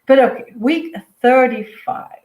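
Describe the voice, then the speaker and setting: A woman with a Dutch accent, a native Dutch speaker, giving a live spiritual reading in a dreamy, halting way with many fillers. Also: sits high, darkish tone, roomy sound, rough recording. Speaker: intuitive medium giving a weekly reading. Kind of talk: live-streamed spiritual reading, casual chat.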